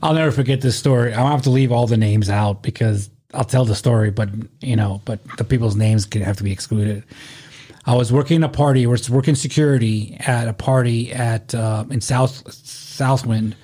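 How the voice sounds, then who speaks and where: A man tells a rambling story in casual conversation. His voice is husky, and he swears and laughs freely. He keeps restarting his sentences as he goes. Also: medium pitch, moderate pace, dark tone.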